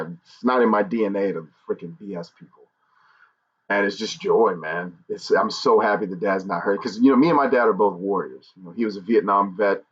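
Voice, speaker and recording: Man, livestream host, low voice, earnest, candid, dull lo-fi audio. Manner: earnest, candid, jokes between somber moments. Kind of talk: casual livestream talk to viewers.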